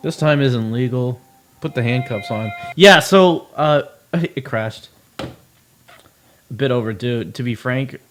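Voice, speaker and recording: A man's voice: medium pitch, takes it slowly, pauses often, fairly bright tone. A young man chatting casually as he streams a game, swearing, laughing and telling stories. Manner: laid-back, swearing, laughing a lot, storytelling. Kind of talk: casual gameplay chat. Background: game music.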